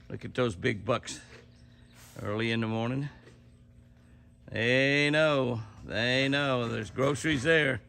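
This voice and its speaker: A man's voice: medium pitch, unhurried, gravelly, long pauses, fairly bright tone. An older man narrating casually outdoors as he films deer, folksy and chuckling, exclaiming often. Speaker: ranch owner filming his deer. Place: outdoors at a ranch house yard.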